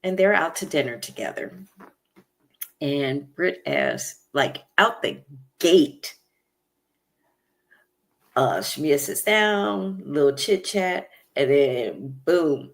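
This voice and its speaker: A woman's voice: sits low, animated, slow pace, creaky, pauses often. A woman hosting a casual reality TV recap, chatty and opinionated, with many fillers. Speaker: recap show host.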